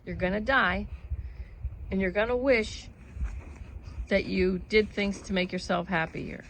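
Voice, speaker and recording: A woman talks casually to the camera from outdoors at home, rambling in an earnest way and laughing between her thoughts. Her voice sits at a middling pitch. There is faint ambient noise behind her. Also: measured pace, fairly bright tone, rough recording. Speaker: vlogger. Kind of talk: casual spiritual musing to camera.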